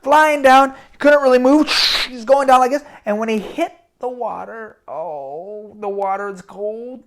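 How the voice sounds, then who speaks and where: Male children's storyteller, dramatic and animated, addresses young listeners. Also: very high-pitched, moderate pace.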